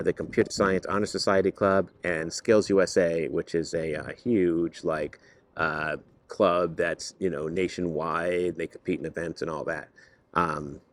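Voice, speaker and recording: Man, lowish voice, casual teacher vlog, earnest, rambling, lots of fillers. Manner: turns lively and higher when driving a point home. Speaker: high school teacher and club advisor. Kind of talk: casual vlog talk to camera.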